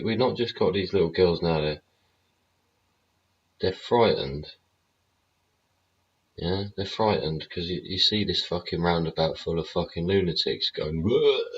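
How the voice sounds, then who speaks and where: A man with a very deep, rough, husky voice rants bluntly through a show, swearing constantly and sneering with sarcasm. The sound is muffled and lo-fi, like a cheap stream mic. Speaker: show host. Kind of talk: ranting livestream commentary. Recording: dull lo-fi audio.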